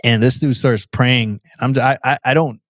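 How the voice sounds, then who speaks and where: A man's voice: medium pitch, fairly even intonation, normal speed, no echo. Earnest man telling his testimony, dry sound. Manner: earnest storytelling, many restarts, calls the host "bro". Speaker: podcast guest. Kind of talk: personal testimony in a podcast interview.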